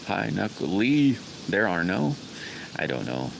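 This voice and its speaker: A man's voice: deep voice, sing-song, a little slow, gravelly, background noise. A middle-aged man hosting a casual live stream, rambling in a folksy way and greeting viewers by name. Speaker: livestream host.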